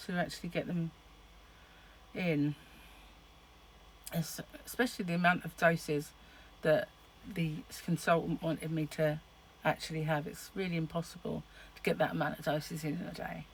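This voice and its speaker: A woman's voice: low voice, creaky, slight background noise, rough recording. Chatty middle-aged woman vlogging. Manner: chatty, rambling, laughs often. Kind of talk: casual chat to camera.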